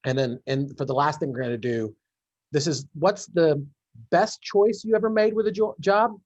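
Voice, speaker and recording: A man's voice: fairly high pitch, steady tone, normal speed, darkish tone, no echo, muffled recording. A male podcast host on a video call, rambling, restarting his sentences and laughing along with his guest. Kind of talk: casual interview over a video call.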